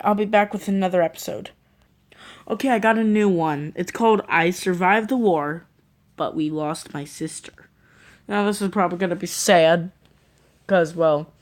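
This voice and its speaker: Reaction host, woman, lower register, casual and rambling, thinks out loud. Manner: rambling, thinking aloud with many fillers.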